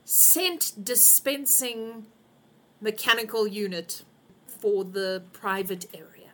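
A woman's voice: medium pitch, takes it slowly, pushed and bright. A woman voicing a stiff, haughty male butler in a tabletop game, speaking in formal, clipped and disdainful tones.

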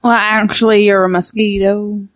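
A woman's voice: mid-range voice, flat delivery, moderate pace. A woman co-hosting a comedy podcast sketch, giggly and a bit stammering as interviewer. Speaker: podcast co-host.

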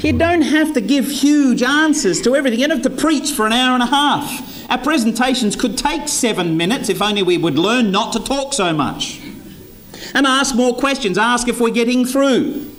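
Lively, high-voiced Australian man teaching sales. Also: moderate pace, slight background noise. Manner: jokey, acts out little scenes between salesperson and prospect. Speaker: sales trainer. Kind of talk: humorous talk to a live audience.

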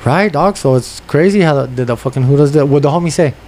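A man's voice: a little high, fast talker, very noisy. A man co-hosting a podcast, talking in a slangy, profane, emphatic way. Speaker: podcast co-host. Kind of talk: casual chat.

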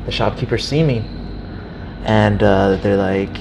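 A young man casually telling a story, animated and swearing freely, acting out the people in it. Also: lowish voice, unhurried, gravelly, a little hiss or hum. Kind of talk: casual chat.

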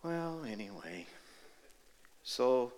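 A man's voice: mid-range voice, sing-song, extremely slow, a little mellow, rough recording. A man preaching in a church, telling a folksy story with chatty asides between sung passages. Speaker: preacher and worship singer.

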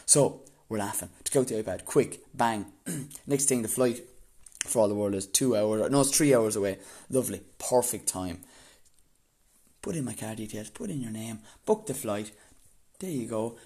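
A young man with an Irish accent tells a story in a loose, casual way. He is animated and breaks into laughter now and then. His voice sits at an ordinary middle pitch. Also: normal speed, slightly rough. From Ireland.

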